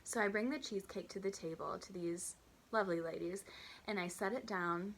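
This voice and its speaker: A woman in her twenties telling a storytime vlog, chatty and animated, acting out customers and her own waitress voice. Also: medium pitch, fairly quick. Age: 20s. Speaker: vlogger.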